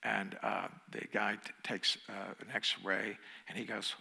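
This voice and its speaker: A man giving a dharma talk as a meditation teacher, telling a personal story in a conversational way, chuckling now and then and dropping to a hushed tone for emphasis. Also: fairly low pitch, flat delivery, takes it slowly, vocal fry, breathy edge, in a large hall.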